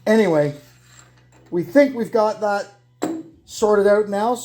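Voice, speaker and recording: Soft music plays in the background as a man with a high, slightly mellow voice narrates fixing a brake lathe in his garage, step by step. He speaks casually, thinking aloud with fillers and hesitations, filmed on a propped phone camera nearby.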